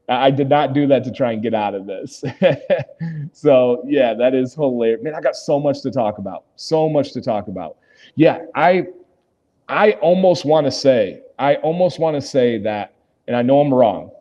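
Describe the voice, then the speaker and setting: A Michigan man hosts a casual livestream from a hotel lobby, reading viewer comments, answering them and laughing often. His voice is mid-range with a dark tone, and the sound is lo-fi.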